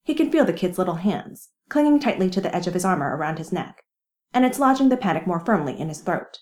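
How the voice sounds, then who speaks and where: Lively woman narrating a fan story. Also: lowish voice, fast talker. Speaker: reader.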